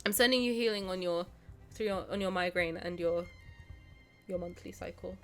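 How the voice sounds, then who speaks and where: A woman's voice: lowish voice, fairly even intonation, normal speed, long pauses, soft background music. A woman streamer who is sick, chatting effusively with her viewers and reading game text aloud, with many restarts and bursts of laughter. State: sick, slightly congested.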